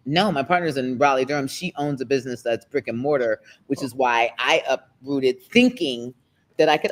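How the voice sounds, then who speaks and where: A woman, a guest talking candidly in an interview, emotional and close to tears, her pace speeding up and slowing down. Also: very deep voice, slight background noise. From United States. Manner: emotional, expressive, quick shifts in pace. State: near tears.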